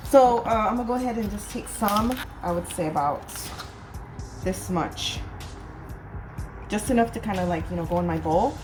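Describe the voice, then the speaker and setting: With music playing in the background, a Californian woman cooks in her home kitchen and chats casually to her viewers, often calling them "y'all." This cooking vlogger's voice is on the high side, at a normal speed.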